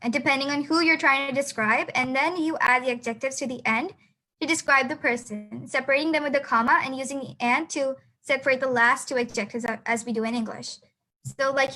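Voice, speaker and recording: Over a video call, a teenage girl acting as a student teacher gives a beginner lesson for an online class, hesitating often with many fillers and restarts. Her voice is high and sharp, and the recording quality is low.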